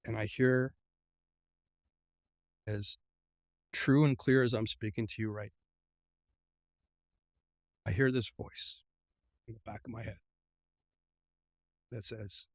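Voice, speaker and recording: A middle-aged man as an interview guest, earnestly recounting a personal ordeal, often halting and repeating words as he speaks. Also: fairly low pitch, fairly even intonation, no echo, clean studio sound. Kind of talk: personal storytelling in a conversation.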